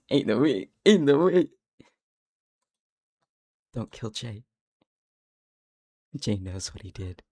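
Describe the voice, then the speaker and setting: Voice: medium pitch, darkish tone, dry recording, clean studio sound. A game streamer, chatting casually through a livestream, giggling often and muttering to themselves. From Canada. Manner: giggly, talks to themselves, lots of laughter.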